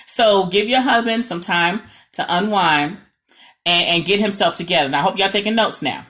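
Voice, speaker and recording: A woman from New York with a New York accent, talking as a marriage coach in a lively, dramatic, sarcastic way and often checking in with "okay?". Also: medium pitch, moderate pace. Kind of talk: direct-to-camera advice talk.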